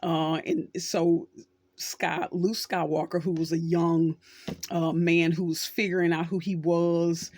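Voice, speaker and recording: A woman's voice: lowish voice, level tone, slow pace, a little mellow, no room sound. Storytelling middle-aged woman host. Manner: conversational, storytelling with acted quotes. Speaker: social worker and channel host. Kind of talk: casual talk to camera.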